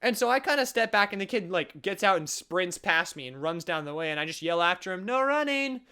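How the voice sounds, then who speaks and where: A young man tells a funny personal story to his viewers in a bright, clear voice. He is animated and sarcastic, often tripping over his words and restarting his sentences as he jokes along. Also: high voice, brisk. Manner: animated, sarcastic, jokey with frequent self-interruptions. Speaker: vlogger. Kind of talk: storytime vlog.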